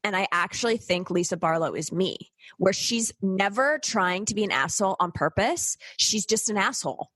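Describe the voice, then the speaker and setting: Animated, swearing woman telling a story. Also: medium pitch, normal speed, few pauses, no room sound. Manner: animated storyteller, swears casually, acts out quotes. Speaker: podcast co-host. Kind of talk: casual chat, storytelling.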